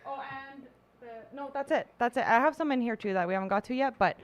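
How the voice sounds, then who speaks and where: Giggly young woman, smooth voice. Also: a little high, fast talker, highs cut off. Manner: bubbly, giggly storyteller with lots of fillers. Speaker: podcast co-host. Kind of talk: casual chat.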